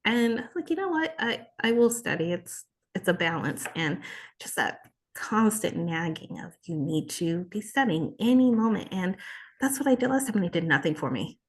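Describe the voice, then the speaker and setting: A woman in her thirties, an interview guest, telling an emotional personal story in a heartfelt, expressive way with frequent restarts. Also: mid-range voice, moderate pace. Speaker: interview guest, exam passer.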